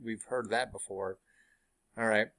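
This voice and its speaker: A man teaching a play, explaining it in a relaxed way with fillers and asides. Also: lowish voice, measured pace. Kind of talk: casual classroom explanation.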